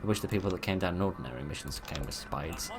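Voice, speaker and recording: A man hosts a let's play, giving casual, rambling gameplay commentary that's chatty and self-deprecating. He sounds lively, with quick shifts in pitch and loudness.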